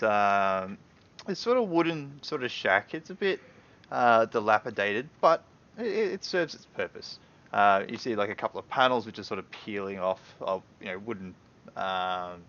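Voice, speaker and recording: A man's voice: lowish voice, fairly bright tone, lo-fi sound. A man narrating as game master in a loose, casual way, full of fillers and hedging words.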